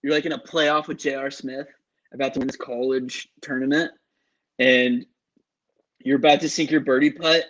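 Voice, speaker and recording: A young man co-hosting a sports podcast, excitable and rambling, full of "like" and "um". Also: mid-range voice, normal speed. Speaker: podcast co-host. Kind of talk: casual sports podcast chat. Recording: dull lo-fi mic.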